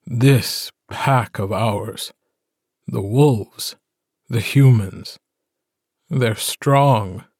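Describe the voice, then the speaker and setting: Man doing a calm gentle alpha wolf husband, slow and husky, dry sound. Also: medium pitch, no room sound, full character voice. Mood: somber. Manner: soft, slow and soothing. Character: gentle, steady male alpha werewolf, a dead husband.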